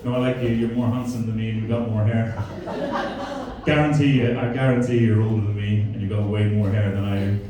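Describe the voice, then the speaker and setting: A man's voice: on the low side, fairly even intonation, brisk, background noise. A man from Belfast with a Belfast accent, performing a stand-up comedy set with crude, mocking banter aimed at the crowd. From Northern Ireland. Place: comedy club stage before a live audience. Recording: very echoey room, voice from a distance.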